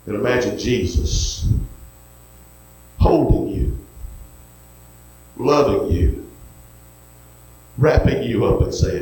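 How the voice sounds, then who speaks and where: A man preaching a sermon, moving from folksy storytelling to soft pleading. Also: mid-range voice, lively intonation, slow pace, long pauses. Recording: very echoey hall with faint noise.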